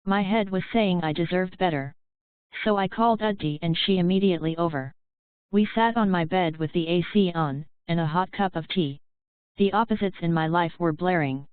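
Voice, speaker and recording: A woman reading a first-person audiobook in a steady, measured way. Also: fairly low pitch, smooth, no room sound. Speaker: audiobook reader. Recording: dry, tinny phone-like sound.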